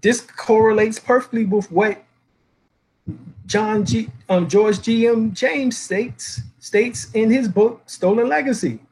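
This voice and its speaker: A man's voice: sits high, takes it slowly, darkish tone, breathy edge, poor audio. A man lecturing, reading out dictionary references, spelling letters aloud and asking rhetorical questions.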